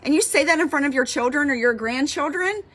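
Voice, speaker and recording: A woman's voice: high voice, fairly quick, a bit bright. A woman fitness coach giving a passionate motivational talk, fired up and repeating her points for emphasis.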